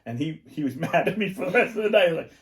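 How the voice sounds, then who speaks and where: A man's voice: a little high, animated, fast talker, fairly bright tone. A middle-aged man co-hosting a podcast, chatting casually and rambling through his stories with lots of fillers. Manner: rambling, filler-heavy storytelling. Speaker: podcast co-host. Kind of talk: casual chat.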